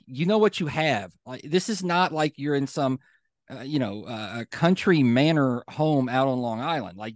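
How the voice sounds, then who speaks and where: Clean studio sound with no echo carries this man's voice, which sits on the high side. Co-hosting a podcast, he tells stories casually, leaning on plenty of fillers and getting fired up as he goes.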